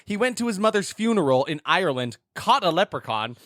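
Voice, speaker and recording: A man co-hosting a podcast, recapping a movie in a casual, animated way with frequent laughter. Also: high voice, brisk, no room sound, studio quality. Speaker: podcast co-host. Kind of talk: casual movie-review chat.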